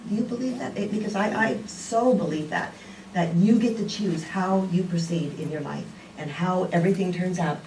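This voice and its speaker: A woman's voice: lowish voice, moderate pace, darkish tone, slight background noise. Older woman preaching in a roomy hall. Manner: conversational, many "you know"s. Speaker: speaker. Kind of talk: sermon. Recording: roomy, distant with faint background ambience.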